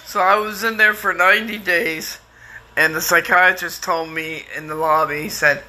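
A man's voice: sits high, fairly even intonation, normal speed, bright, forceful tone. A middle-aged man telling his own story in a candid, rambling way, full of restarts and fillers. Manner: candid and plainspoken, sometimes swears. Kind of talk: casual personal storytelling.

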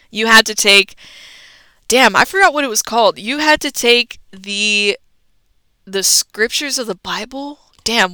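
A woman's voice: mid-range voice, sharp tone, clean tone, no echo, rough recording. A young adult woman hosting a podcast, telling a story in a chatty, casual way and swearing freely. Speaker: podcast host.

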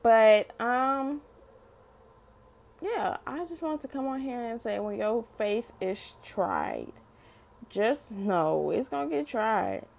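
A woman's voice: fairly high pitch, very animated, slow pace, gravelly, darkish tone. A middle-aged mother sharing an unscripted faith testimony, speaking earnestly to listeners and often repeating and restarting her phrases.

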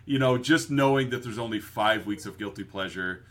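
A man co-hosting a movie podcast in casual chat, jokey and quick to laugh, often quoting films. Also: on the low side, fairly bright tone. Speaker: podcast co-host.

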